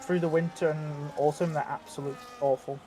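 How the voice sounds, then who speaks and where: A man with a high voice gives casual race analysis, talking through lap-time predictions with restarts. A faint background noise runs under him. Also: flat delivery, moderate pace, dark tone. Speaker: co-commentator.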